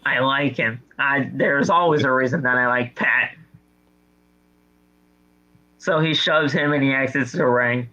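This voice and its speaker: A man co-hosting a casual podcast, recapping a wrestling show with animated storytelling and exasperated jokes. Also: mid-range voice, unhurried, long pauses, muffled recording. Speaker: podcast co-host.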